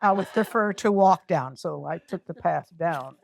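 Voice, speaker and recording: A woman's voice: lowish voice, moderate pace, creaky, a crowd in the background. An older woman telling an emotional personal story on stage, candid and self-mocking. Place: community center event.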